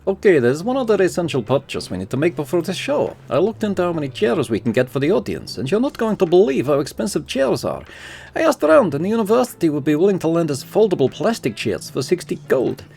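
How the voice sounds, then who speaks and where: A man reading a game's theatre organizer in a higher, excited voice, talking fast about plans. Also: vocal fry. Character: enthusiastic young theatre organizer.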